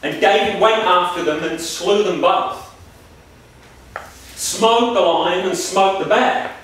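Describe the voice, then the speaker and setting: Emphatic, high-voiced male lecturer. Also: takes it slowly, fairly bright tone, slight background noise. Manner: emphatic, repetitive, preacher-like. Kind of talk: spiritual workshop lecture. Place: lecture room. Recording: echoey room from a distance.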